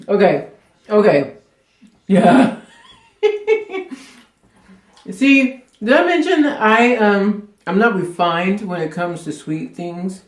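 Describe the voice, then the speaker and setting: A man's voice: high voice, animated, drawn-out words, pauses often. Chatty man hosting an echoey cooking vlog. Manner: chatty, rambling, laughs often. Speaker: cooking show host. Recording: echoey room.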